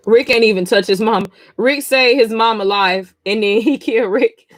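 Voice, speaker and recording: A woman's voice: fairly high pitch, measured pace, no echo. A sleepy woman streamer reacting live as she reads a comic, blunt, profane and exasperated. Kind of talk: casual live reading reaction.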